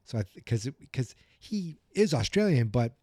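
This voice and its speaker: A man's voice: mid-range voice, big pitch swings, moderate pace, warm tone, no echo, studio quality. A man with a Boston accent hosting a podcast, chatting casually about a film in a rambling way, often stopping to correct himself. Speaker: podcast host. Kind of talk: casual movie review chat.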